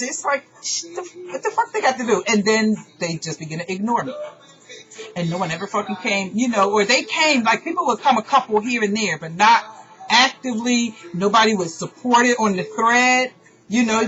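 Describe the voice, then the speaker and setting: A woman pours out her frustration in a raw, profane personal monologue, talking at a middling pitch. Her voice comes through a dull, lo-fi recording with faint music underneath. She sounds like an online radio host airing grievances to her listeners. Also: a bit bright. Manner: emotional, profane, exasperated.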